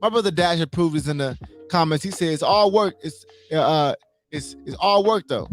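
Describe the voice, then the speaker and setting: A man's voice: a little high, moderate pace, faint music behind. A man hosting a casual motivational livestream, emphatic, repeating his points and asking his listeners questions.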